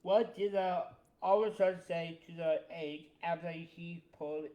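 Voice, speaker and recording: High-voiced young man, slow halting speech. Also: fairly even intonation, mellow. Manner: short answers, halting restarts. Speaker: co-host. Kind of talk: casual chat.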